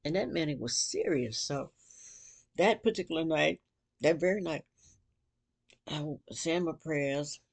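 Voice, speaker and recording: Low, husky woman telling a story. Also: a little slow, long pauses. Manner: animated storyteller who acts out quotes. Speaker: vlogger. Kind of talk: personal storytelling to camera.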